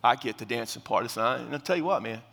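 A middle-aged man preaching a sermon in a Baptist church, telling the story in a conversational, animated way. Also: medium pitch, fast talker, creaky. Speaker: pastor. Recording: long church reverb.

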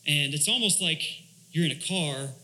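A man's voice: on the high side, expressive, normal speed, sharp tone, rough recording. A young man serving as a church elder, giving an informal, conversational sermon with many fillers and restarts.

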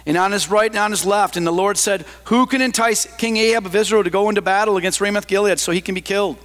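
A man reading the part of a stern, unyielding male prophet in a low, solemn delivery. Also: quick pace, fairly bright tone.

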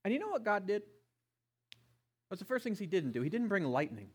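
A middle-aged man preaching a sermon, passionate, swinging between loud emphasis and hushed tones. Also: high voice, big pitch swings, brisk, slightly rough. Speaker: pastor.

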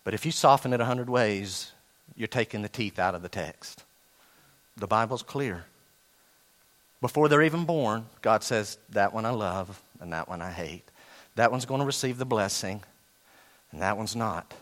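Forceful, bright-voiced preacher man. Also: lively intonation. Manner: dramatic swings between loud emphasis and low, quiet asides; reads scripture slowly, word by word. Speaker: pastor. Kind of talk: sermon.

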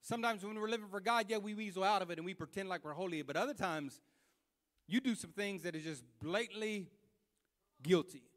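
Very high-voiced impassioned male preacher. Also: brisk. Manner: impassioned, repetitive preaching that builds to loud fervor; colloquial, with slips and restarts. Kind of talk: sermon.

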